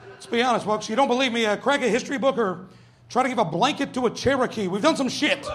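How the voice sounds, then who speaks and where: On a comedy club stage before an audience, a male stand-up comic performs his set in a high, fairly bright voice, talking fast. He's brash and profane, acting out the voices of people he quotes.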